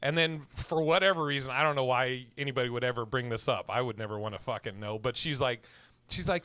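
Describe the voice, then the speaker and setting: A man's voice: mid-range voice, fast, bright, forceful tone, clear, resonant tone, dry recording. A man co-hosting a podcast, chatting casually, swearing freely and acting out little scenes with laughs. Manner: swearing, laughing, acts out voices in anecdotes. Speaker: podcast co-host. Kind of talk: casual chat.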